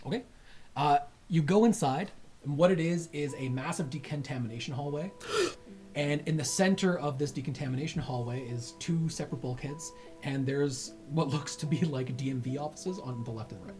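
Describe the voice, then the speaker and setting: A woman's voice: deep voice, fairly quick, mellow, faint music behind. A woman game master narrating a sci-fi tabletop game in a casual, rambling way. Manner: casual, filler-heavy, giggly.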